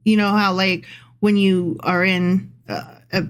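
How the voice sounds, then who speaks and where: A woman's voice: mid-range voice, flat delivery, a little slow, clear, resonant tone. A woman co-hosting a podcast, reading scripture aloud and mocking it in casual, profane, sarcastic chat. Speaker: podcast co-host.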